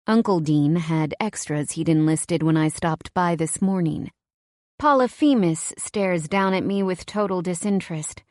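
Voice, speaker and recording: Casting: woman narrator, low-pitched, wry first-person romance read, close dry studio sound. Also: measured pace, no echo. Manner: wry, conversational, expressive. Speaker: audiobook narrator.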